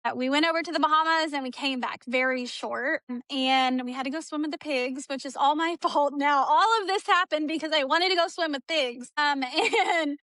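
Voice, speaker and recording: A woman's voice: sits high, moderate pace, few pauses, dry recording. A woman as an interview guest, telling a personal story in an emotional, chatty way and acting out what others said. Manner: animated, acts out quoted dialogue; chatty, with frequent "like" fillers.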